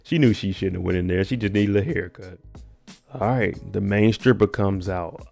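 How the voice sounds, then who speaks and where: A man's voice: fairly low pitch, moderate pace, gravelly, a little mellow, faint music behind. A man casually recapping a TV episode, with laid-back, joking slang. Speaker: TV recap host.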